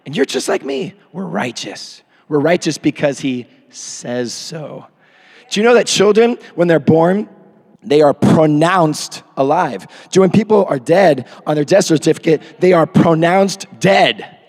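A man in his thirties preaching a sermon into a microphone, swinging from hushed asides to shouted peaks. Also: fairly high pitch, animated, a little slow. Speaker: pastor. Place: church hall. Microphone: handheld or podium microphone. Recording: long hall reverb.

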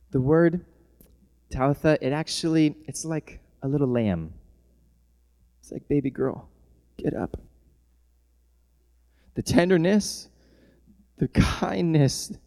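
A male pastor preaching a sermon who moves from soft, tender passages to loud shouting and laughs often. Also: medium pitch. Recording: long hall reverb.

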